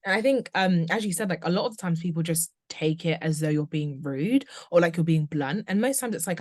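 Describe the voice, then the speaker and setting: Fast-talking young woman, dry sound. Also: on the low side, no echo. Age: 20s. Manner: talks in long candid runs with many "like"s. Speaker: podcast guest. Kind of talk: casual conversation.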